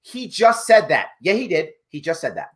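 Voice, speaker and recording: Sarcastic male host, animated pitch. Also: moderate pace. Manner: sarcastic, mocking. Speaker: show host. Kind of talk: live commentary on a news clip.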